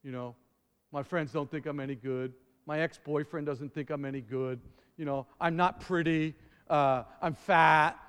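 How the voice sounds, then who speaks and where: A man's voice: fairly high pitch, steady tone, unhurried, a bit bright, clean tone, big-room sound, pitched below the performer's own voice. A man voicing a dejected, insecure young woman.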